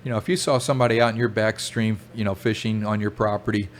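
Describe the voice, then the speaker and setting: A man's voice: on the low side, steady tone, fast talker, a little hiss or hum. An older American man, a rainbowfish collector, telling rambling field stories in a casual podcast chat, with many restarts and chuckles. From United States.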